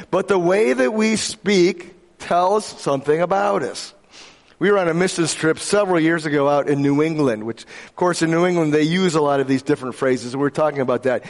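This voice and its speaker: A man from Michigan delivers a sermon with a slightly high voice, chatty and playful, tossing questions out to the congregation. His voice rings with the long reverb of a large church hall. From Michigan, USA. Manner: conversational, jokey, asks the audience questions. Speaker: pastor.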